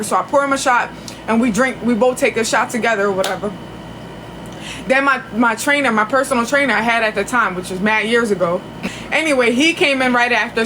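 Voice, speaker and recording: A high, bright woman talks into her phone on a livestream, rambling through a story with plenty of swearing and restarts. A faint hiss of background noise sits under her voice. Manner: chatty, profane, rambling with restarts.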